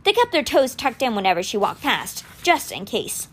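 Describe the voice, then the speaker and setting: A woman reading a novel aloud for a podcast, telling the story in an expressive way. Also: on the high side, moderate pace, slightly rough. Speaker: audiobook reader.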